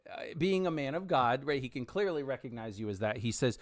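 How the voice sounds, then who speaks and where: A man's voice: medium pitch, lively intonation, brisk, no room sound. Dry-voiced game master man. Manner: rambling, filler-heavy. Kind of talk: narrating a tabletop game.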